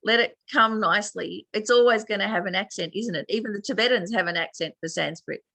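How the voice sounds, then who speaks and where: A woman's voice: mid-range voice, a little fast, creaky, bright, forceful tone, dry recording. An Australian woman teaching a chatty online meditation class, laughing often as she explains.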